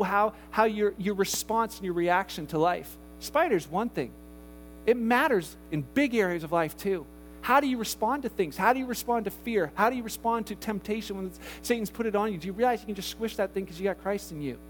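A man's voice: sits high, fairly quick, slight background noise. A man preaching a sermon to a church congregation, talking casually and asking his listeners rhetorical questions. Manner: grows loud and animated in the story he tells. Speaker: pastor.

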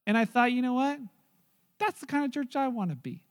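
A man preaching as a pastor, telling a story with animated swings from loud to hushed. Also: very high voice, brisk. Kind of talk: sermon with storytelling.

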